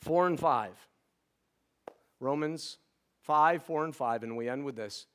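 A middle-aged man preaching a sermon as pastor, earnest and pleading, often restarting words in quick repeats. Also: medium pitch, fairly bright tone.

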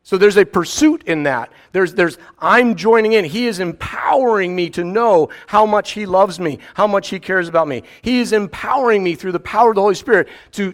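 A middle-aged man, preaching a sermon in a conversational way with quiet asides. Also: sits high. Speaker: pastor.

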